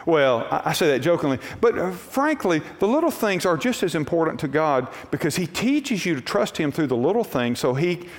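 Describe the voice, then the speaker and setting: Folksy preacher in a reverberant church. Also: male voice, a little high, big pitch swings, moderate pace, hardly any pauses. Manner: folksy storytelling preacher, acts out voices in quotes. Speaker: pastor. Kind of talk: sermon. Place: church sanctuary. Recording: long reverb of a church hall.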